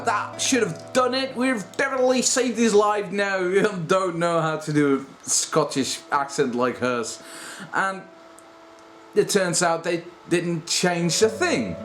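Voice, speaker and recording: A man in his thirties giving a casual spoken review, animated and self-deprecating, laughing often. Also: on the high side. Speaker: video reviewer.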